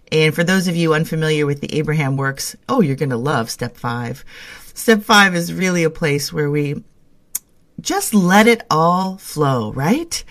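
A woman's voice: low voice, fairly bright tone. Bubbly woman co-hosting a spiritual show. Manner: bubbly, laughs often, gushing. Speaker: podcast co-host. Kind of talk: casual spiritual chat.

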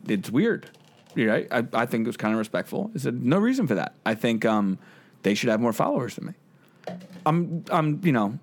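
A man with a mid-pitched voice tells a story on a podcast with a very lively, swooping delivery. He curses freely and acts out every quoted line in the moment. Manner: animated, swearing, acting out quotes. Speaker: podcast host. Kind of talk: casual storytelling chat.

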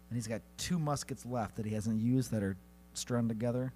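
A man co-hosting a comedy podcast, narrating a silly battle with lively delivery and sudden high-pitched character voices. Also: brisk, soft background music. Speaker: podcast co-host. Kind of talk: comedic storytelling banter.

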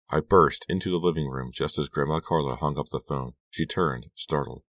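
A man reading an audiobook aloud as first-person narration, steady and measured. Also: a bass voice, no echo. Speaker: audiobook reader.

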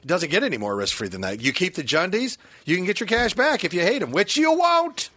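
A male podcast host with a lively, swooping voice jokes through casual banter and a playful ad read. His tone is bright and forward. The sound is dry and close. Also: sits high, quick pace, dry recording. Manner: jokey, playful, breaks into mock shouting.

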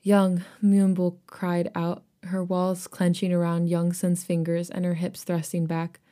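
A woman's voice: fairly low pitch, completely flat delivery, measured pace, mellow. A woman co-hosting a podcast, reading a story aloud and chatting casually, with laughter breaking in between passages. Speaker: podcast co-host reading fan fiction aloud.

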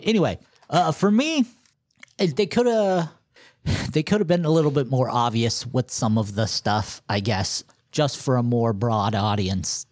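A man's voice: mid-range voice, measured pace, darkish tone, no echo. Man, dry close sound, podcast co-host, joking, opinionated, casual chat. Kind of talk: casual movie review chat.

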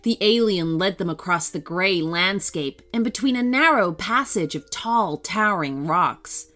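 A woman narrates a children's adventure story in a scripted, gently animated way. Her pitch moves expressively, and soft music plays underneath. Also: a little slow.

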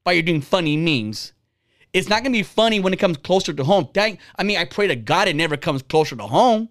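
A man's voice: high-pitched, lively intonation, a little fast, fairly bright tone. Profane, heated man in his forties. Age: 40s. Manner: blunt, profane, heated ranting. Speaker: podcast host. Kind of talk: casual ranting podcast talk.

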